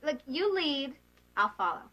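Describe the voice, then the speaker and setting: A woman's voice: high voice, very animated, a little slow, bright, forceful tone, dull audio, full character voice. An actress playing an eager, giggly young woman new to the city in an 1980s TV soap. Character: young woman called Elena, wide-eyed newcomer.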